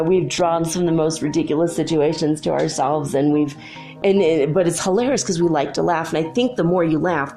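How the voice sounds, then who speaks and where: A middle-aged woman with a lowish voice chats casually, giggling and animated as she tells her stories. Faint music plays underneath. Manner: giggly, animated storytelling, frequent "like". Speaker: spiritual channel host. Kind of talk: casual monologue.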